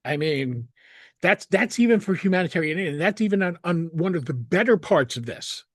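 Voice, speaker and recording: Indignant, lively-voiced male commentator. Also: fairly high pitch, brisk, no room sound, clean studio sound. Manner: indignant, sarcastic, emphatic with frequent restarts. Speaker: news analysis host. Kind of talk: solo commentary reading and critiquing a document.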